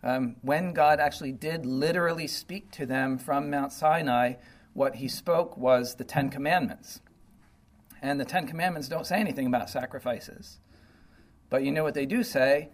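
A man's voice: medium pitch, moderate pace, poor audio. A man giving an informal verse-by-verse Bible teaching, talking conversationally and often paraphrasing God's words in a blunt, sarcastic tone. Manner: conversational, full of "you know" and "okay".

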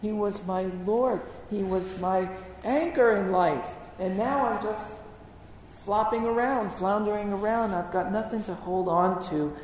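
A distraught woman disciple mourning her lost master, as a male preacher puts her on, her voice pitched up and ringing through an echoey hall with a long reverb tail. She pleads and laments in the first person, with a faint hum of room noise behind. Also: measured pace. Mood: anguished. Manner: emotional first-person retelling, rising to anguished pleading.

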